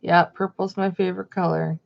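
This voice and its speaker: A woman's voice: lowish voice, flat delivery, normal speed, vocal fry. A middle-aged woman, hosting a casual livestream chat and reading viewer comments aloud. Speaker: livestream host. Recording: dull lo-fi sound.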